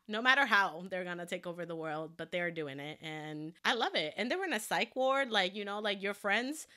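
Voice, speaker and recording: A woman's voice: medium pitch, animated, brisk, pushed and bright. A woman co-hosting a casual pop music podcast, slangy and playful, often laughing. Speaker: podcast co-host. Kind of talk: casual chat.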